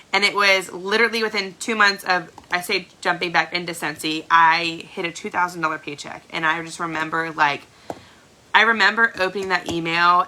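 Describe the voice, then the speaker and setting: A woman shares her story at a training in a bright, clear voice. She speaks in a casual, emphatic way, filling her talk with "like" and repeating words for stress. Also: fairly low pitch, rough recording. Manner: chatty, fillers "like", emphatic repeats. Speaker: Scentsy star director. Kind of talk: motivational personal story.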